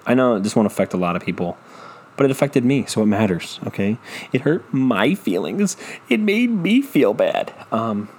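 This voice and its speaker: Dude ranting alone into his podcast mic, swears a lot, rambles, kinda low voice. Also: expressive, normal speed, darkish tone. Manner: profane, rambling, self-deprecating. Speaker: podcast host. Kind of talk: casual solo rant. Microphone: studio microphone.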